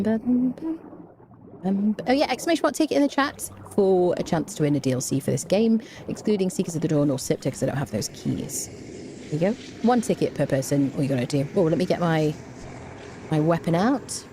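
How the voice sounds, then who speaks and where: A woman's voice: low-pitched, mellow, a little hiss or hum. A woman streamer giving chatty, rambling live commentary while she plays a game, often saying "there you go.".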